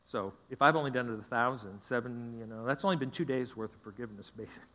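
A man's voice: mid-range voice, fast, a bit bright. A middle-aged man preaching a sermon as pastor, emphatic and repeating phrases for stress. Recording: long hall reverb.

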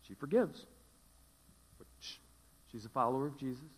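A male pastor preaching a sermon, repeating key phrases with emphatic, dramatic pauses. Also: medium pitch, expressive, breathy edge, long reverb tail.

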